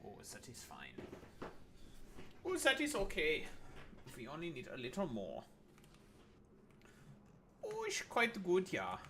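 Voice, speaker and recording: A man's voice: a little high, wildly swooping pitch, slow pace, creaky, long pauses, a bit bright, a little hiss or hum, voice pushed up, exaggerated voice. A man putting on a mock German accent, playing a flamboyant, haughty German man with a sing-song, mock-indignant delivery. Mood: campy. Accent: put-on German.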